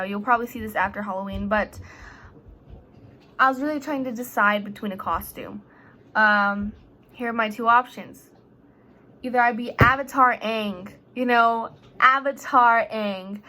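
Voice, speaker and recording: A woman's voice: a little high, sharp tone. A teenage girl chatting casually in a jokey, rambling way. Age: teens. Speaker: high school student vlogger. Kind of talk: casual vlog chat.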